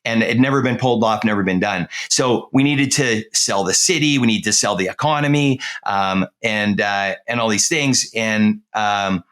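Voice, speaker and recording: Low-voiced man telling a rambling story. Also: normal speed, hardly any pauses, fairly bright tone. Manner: rambling, full of fillers and restarts. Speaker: real estate agent, interview guest. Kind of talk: casual storytelling interview.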